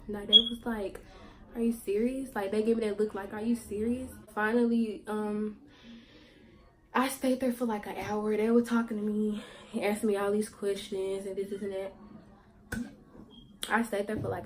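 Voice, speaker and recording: A woman vlogger telling a personal story in a candid, slangy way, halting with fillers and repeats. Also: mid-range voice, a little mellow, poor audio. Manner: candid, slangy, sometimes swearing for emphasis; halting, with many fillers and repetitions.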